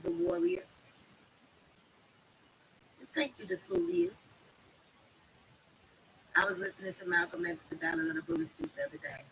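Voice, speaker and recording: A woman's voice: high voice, vocal fry, bright, forceful tone, slight background noise, rough recording. A woman hosting a live stream, ranting with fire and profanity while answering her chat. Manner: fiery, profane, addresses the chat directly. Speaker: livestream host.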